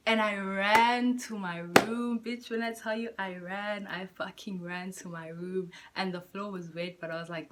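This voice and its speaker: A young woman vlogging from home in candid, profane, slang-filled chat, jumping between loud bursts and soft near-whispers. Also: medium pitch, fairly even intonation, normal speed, few pauses, background noise. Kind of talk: casual chat to camera.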